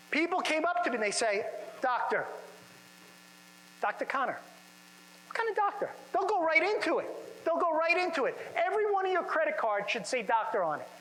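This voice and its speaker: A man speaking to chiropractors at a seminar in a conference room, energetic and full of rhetorical questions to the audience. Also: very high-pitched, in a large hall, slight background noise, low-quality recording. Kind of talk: motivational seminar talk.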